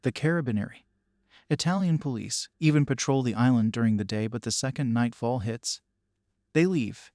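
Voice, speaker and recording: A man narrating a first-person horror story in a steady, measured storytelling voice. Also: medium pitch, dry recording, clean studio sound.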